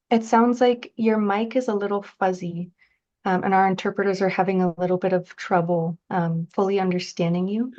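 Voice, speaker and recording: A woman's voice: medium pitch, fairly even intonation, moderate pace, darkish tone, dull audio. A woman facilitating a public meeting, polite and apologetic as she steps in.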